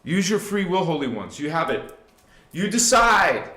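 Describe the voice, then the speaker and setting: A man with a fairly high voice gives a live spiritual talk to his viewers. He preaches with emphasis and speaks straight to his audience, dropping low and then rising loud. The room around him rings with echo. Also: very animated, normal speed. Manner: emphatic, swings from hushed to loud; preachy, addresses listeners directly. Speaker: spiritual channel host.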